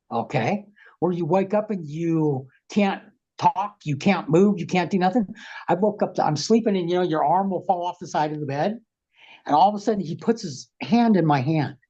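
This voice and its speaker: Husky man telling wild stories. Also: high voice, lo-fi sound. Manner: frank, rambling, profane, animated retelling. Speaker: guest. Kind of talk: casual storytelling interview. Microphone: video call.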